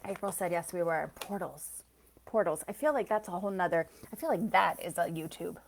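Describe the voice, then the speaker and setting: On a casual live stream, this psychic reader and soul coach speaks briskly in a low, creaky voice, with a little hiss or hum in the audio. She drifts from thought to thought, laughs frequently, and greets viewers by name.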